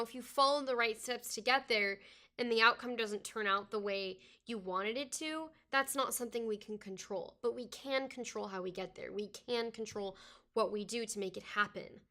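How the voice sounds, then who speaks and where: The host's daughter, a young adult, is a guest on the podcast and talks in a casual conversation. Her fairly high voice is bright and forceful at a moderate pace, and she comes across as earnest and reflective, using "I think" a lot.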